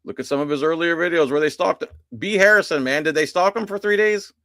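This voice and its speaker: A man's voice: on the high side, brisk, sharp tone, dry recording, studio quality. A man hosting a live stream in a casual, chatty way, greeting viewers and answering comments from the chat. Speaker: livestream host.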